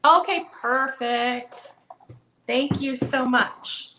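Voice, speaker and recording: A woman's voice: high-pitched, drawn-out words, background noise. Chatty woman hosting a live book sale. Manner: chatty and upbeat, calling out bids. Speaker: online book sale host. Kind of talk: casual live auction chat. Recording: echoey room.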